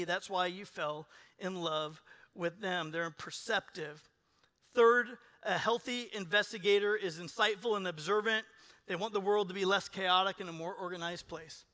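A male pastor preaching a sermon in a lively way, acting out the voices of people in his examples. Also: high-pitched, moderate pace. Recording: long hall reverb.

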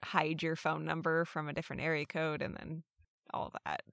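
A woman co-hosting a casual podcast, chatting and reading listener stories aloud. Her voice sits a little low, and her delivery is wry and amused. The recording is dry and close, with no room sound. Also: level tone, moderate pace, vocal fry, fairly bright tone, no echo.

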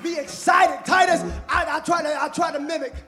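High-pitched shouting male preacher. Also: steady tone, brisk. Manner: shouting, chanting repeated phrases. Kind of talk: sermon. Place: church sanctuary. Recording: live church with music and congregation. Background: organ music and responding crowd.

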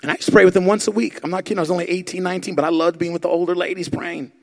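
A man preaching a sermon, telling animated stories and calling on the crowd to answer. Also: sits high, racing, gravelly. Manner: animated, acts out quotes, asks the crowd for response. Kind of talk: sermon storytelling.

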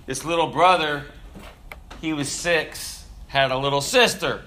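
Bright-voiced man preaching a sermon. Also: on the high side. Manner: slow emphatic preaching with humorous asides. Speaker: pastor.

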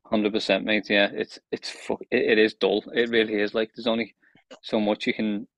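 A man's voice: fairly low pitch, little pitch movement, moderate pace, a bit bright, no room sound. A man co-hosting a casual football podcast, speaking steadily and frankly. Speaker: podcast co-host. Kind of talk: casual chat. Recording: dry, dull lo-fi sound.

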